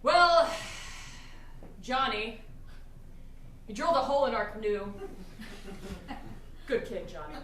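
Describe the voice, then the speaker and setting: A woman playing a flustered, stranded band member in an improvised comedy scene, rambling and now and then shouting. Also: fairly high pitch, big pitch swings, slow, pauses often, exaggerated voice. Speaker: improv performer. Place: live theatre stage. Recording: echoey stage heard from far off with noise.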